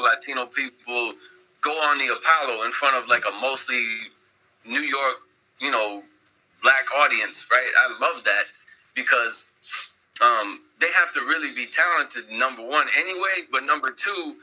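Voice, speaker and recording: A man guesting on a podcast, telling a story in a rambling, animated way with many restarts. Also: medium pitch, normal speed, dull audio. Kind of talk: casual podcast chat.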